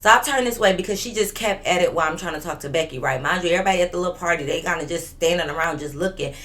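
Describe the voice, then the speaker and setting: A woman's voice: lowish voice, very fast, a bit bright. A woman in her twenties telling a storytime vlog in an emphatic, profane, fired-up way. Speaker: vlogger.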